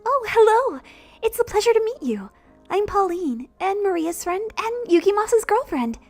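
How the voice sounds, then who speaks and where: A bubbly young woman , as a woman acts her out, chirps high and lively, swinging all over her range as she gushes. Soft music runs under the game read-aloud. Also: normal speed, exaggerated voice. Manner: high, bright and gushing. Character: bubbly, cheerful young woman, open and excitable.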